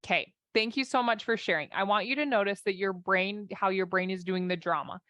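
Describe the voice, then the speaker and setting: A woman who works as a life and marriage coach gives an animated, conversational talk, acting out inner voices as she speaks. Her voice is medium-pitched and brisk, with no echo.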